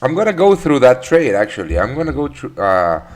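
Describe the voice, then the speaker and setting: A man's voice: medium pitch, very animated, fairly quick. A man hosting a live trading webinar, chatting casually, greeting viewers by name with many fillers and restarts. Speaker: trading session host.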